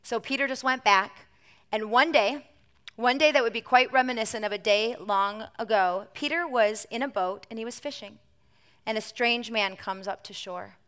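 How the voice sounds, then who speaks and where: A woman preacher giving a sermon to a congregation in church. She tells the story in an animated way, moving between emphatic lines and hushed ones. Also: fairly high pitch, moderate pace.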